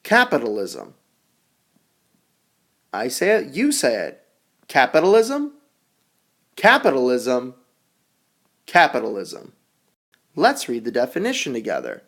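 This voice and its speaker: A man teaching English vocabulary, leading a call-and-repeat drill with slow, exaggerated enunciation. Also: medium pitch. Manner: animated, sing-song teacher delivery. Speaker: ESL teacher.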